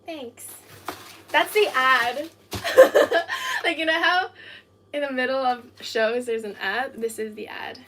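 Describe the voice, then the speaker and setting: A woman talks casually to her viewers in quick, giggly bursts. Her voice sits a little high, and a faint noise runs under the recording. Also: bright, forceful tone. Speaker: livestreamer. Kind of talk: casual livestream chat.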